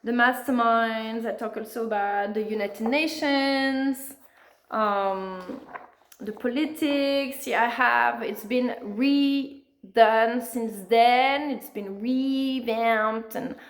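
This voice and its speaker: Brief: a woman author in an interview, earnest and animated, fillers throughout, voice a touch high. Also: slow pace. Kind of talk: conversational storytelling.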